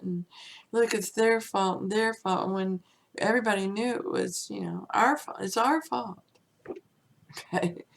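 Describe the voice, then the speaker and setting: A woman giving an unscripted spiritual teaching, musing and drifting into soft whispers and chuckles. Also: medium pitch, creaky, a little hiss or hum.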